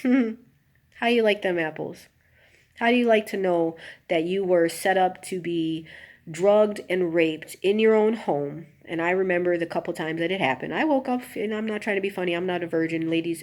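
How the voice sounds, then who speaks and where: A woman telling personal stories in a confessional vlog, talking straight to her viewers with many asides and turning emotional. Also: medium pitch. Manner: emotional, rising to an anguished near-shout, then subdued. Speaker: vlogger.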